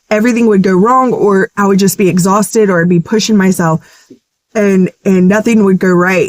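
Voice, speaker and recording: A woman's voice: medium pitch, no echo. A woman sharing a casual, earnest testimony in a vlog, chatty and emotional. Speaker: ministry vlogger.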